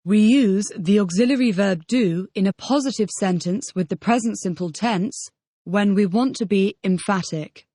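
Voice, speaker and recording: With a warm, medium-pitched voice at a moderate pace, a woman plays the model student answering drills, turning each question in a scripted audio language lesson into a full-sentence answer. It's a dry recording of studio quality.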